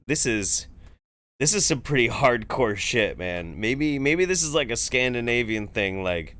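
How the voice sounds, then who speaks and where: An American man with a mid-range, expressive voice and fairly bright tone speaks at a moderate pace with no room sound. He's hosting a casual livestream from home in the Eugene area, reacting to a video with sarcastic, profane commentary that rambles and restarts.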